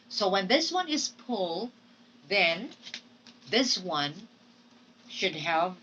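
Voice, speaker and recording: A woman teacher giving a recorded phonetics lecture, speaking deliberately and often checking in with her students. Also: medium pitch, fairly bright tone, distant mic, slight background noise, rough recording. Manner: slow, deliberate, checks in with "okay?". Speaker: English teacher.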